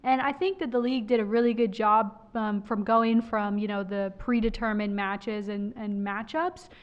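A woman's voice: mid-range voice, steady tone, normal speed. An American woman hosting a casual esports podcast, chatty and full of "like". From United States. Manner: chatty, filler-heavy with frequent "like". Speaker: podcast host. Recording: dull lo-fi sound.

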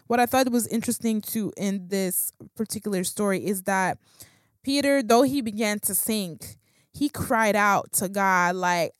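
A woman's voice: medium pitch, measured pace, no echo, clean studio sound. A woman giving a casual, conversational Bible talk, slangy and full of fillers and restarts. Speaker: Bible teacher.

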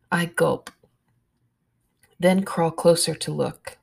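A woman narrating a first-person story in a hushed, measured way, with soft whispered asides. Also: deep voice, creaky.

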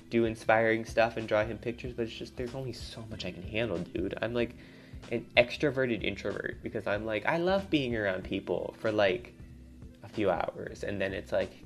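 A young man, a college student, venting in a rambling, casual monologue, swearing often and getting louder as he gets worked up. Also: lowish voice. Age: young adult. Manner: rambling, swears a lot, voice climbs when riled up.

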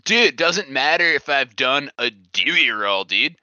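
A man's voice: mid-range voice, expressive, unhurried, bright, forceful tone, no room sound, muffled recording. A man doing an improvised comedy voice of a vain, macho forty-five-year-old pro skier full of meathead bravado. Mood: bragging. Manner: boastful meathead bravado, slangy.

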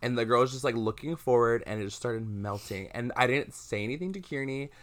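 A young man at a middle pitch co-hosting a relaxed podcast. He tells a ghost story in an animated, rambling way, full of "like" and restarts. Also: fairly quick. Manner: animated storyteller, many "like" fillers. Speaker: podcast co-host. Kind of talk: casual chat, telling a ghost story.

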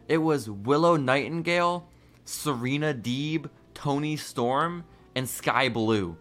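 This is a man on a casual wrestling podcast, bright and punchy in tone. He teases his co-host and breaks into mocking impressions. Faint music sits behind him. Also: a little high, slow. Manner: joking, teasing, mocks promos in put-on voices.

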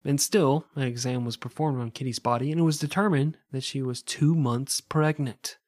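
A man's voice: medium pitch, fairly even intonation, normal speed, darkish tone, no echo. A man casually telling a true crime story on a podcast, joking and swearing and laughing often.

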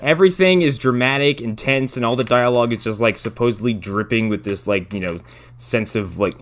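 A man's voice: mid-range voice, brisk. A man in casual chat, sarcastically tearing apart a bad film with plenty of swearing. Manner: sarcastic, profane, animated. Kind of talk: casual movie-riffing chat.

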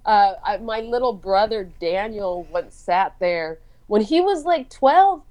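A woman guest on a radio interview, telling family stories in an animated, laughing way and mimicking her relatives. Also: mid-range voice, a little slow. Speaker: comedian and singer-songwriter guest. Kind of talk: casual interview storytelling. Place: radio studio.

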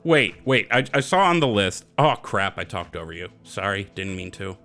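Bright-voiced man rambling on a podcast. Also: lowish voice, sing-song, moderate pace, faint music behind. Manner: rambling, swears casually, goes off on tangents. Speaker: podcast co-host. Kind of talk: casual gaming podcast chat.

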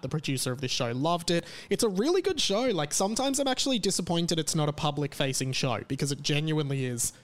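A man hosting a podcast, chatting casually and rambling through plugs with plenty of fillers. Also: a little high. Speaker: podcast host.

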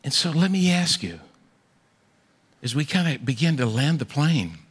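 A man preaching a sermon in a large church, folksy and animated, often repeating his words. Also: on the high side, normal speed, slightly rough. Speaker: pastor. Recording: echoey church hall.

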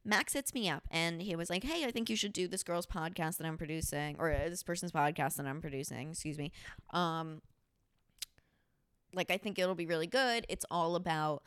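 A woman hosting a casual podcast, telling a story in a blunt, profane, animated way. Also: fairly low pitch, normal speed, smooth, no room sound, studio quality. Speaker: podcast host.

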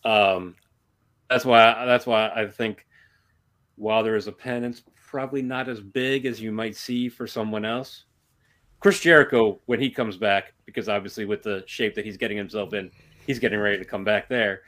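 Measured, low-voiced male podcast guest. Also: fairly even intonation, a bit bright. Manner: measured, analytical. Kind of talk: casual discussion.

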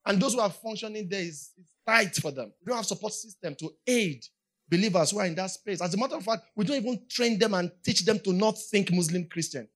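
A Nigerian woman with a Nigerian accent preaching a sermon, repeating her points and building up to shouts. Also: medium pitch.

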